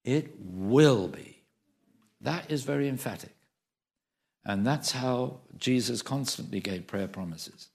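A man's voice: mid-range voice, a little slow, vocal fry. A man preaching a sermon, emphatic, repeating phrases for stress and asking the congregation questions.

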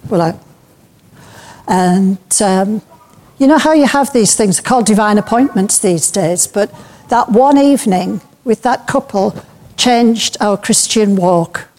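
A woman speaking to a church group, loose and anecdotal, her sentences full of little fillers and easy laughs. Her voice is mellow and warm, sitting at an ordinary middle pitch for a woman. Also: measured pace. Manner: chatty and anecdotal, with frequent fillers and light laughs. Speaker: speaker at a church breakout session. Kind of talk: informal talk to a church group.

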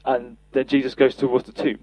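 A man's voice: medium pitch, completely flat delivery, brisk, darkish tone, no room sound, poor audio. A man preaching a sermon, earnest, reading and acting out scripture quotes for a podcast. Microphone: podcast mic.

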